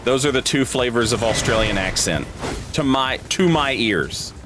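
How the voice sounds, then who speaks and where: A man's voice: medium pitch, normal speed, background noise. A man streaming a video game, rambling casually, joking and swearing freely. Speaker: gaming streamer. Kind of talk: casual gaming commentary.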